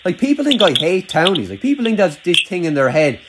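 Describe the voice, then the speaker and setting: Fast-talking young rural Irish man. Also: high voice, big pitch swings, very noisy. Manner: chatty, rambling, heavy use of "like". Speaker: podcast host. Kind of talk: casual chat.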